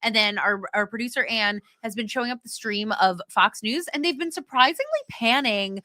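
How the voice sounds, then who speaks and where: A woman's voice: fairly high pitch, moderate pace, sharp tone, no room sound, clean studio sound. A woman co-hosting a live watch party, chatting casually and agreeably with plenty of fillers. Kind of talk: casual chat.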